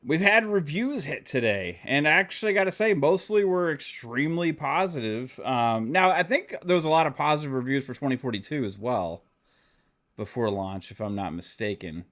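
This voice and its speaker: A man hosting a casual podcast, joking around, laughing often and reading out shout-outs to the chat. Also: mid-range voice, lively intonation, moderate pace. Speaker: podcast host.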